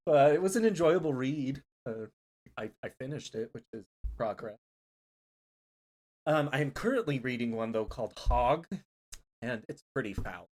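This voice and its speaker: A man co-hosting a horror podcast talks in an easy, casual way. He is blunt and laughs often, and his pitch swings widely as he speaks. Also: animated, moderate pace, long pauses, darkish tone. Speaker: podcast co-host. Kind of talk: casual chat.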